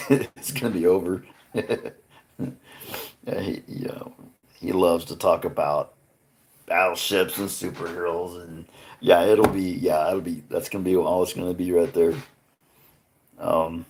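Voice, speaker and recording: A man with a deep, creaky voice hosts a live stream, rambling earnestly to his chat. His delivery is halting, full of restarts, and he addresses viewers by name.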